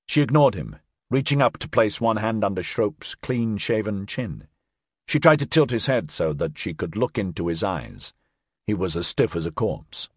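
Male narrator, expressive and lively, slightly low, dry booth sound. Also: normal speed, slightly rough, no echo. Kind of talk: audiobook narration.

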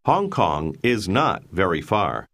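A man narrating a language course, giving measured, explanatory prompts. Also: low voice, big pitch swings, a bit bright. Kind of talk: scripted instructional narration.

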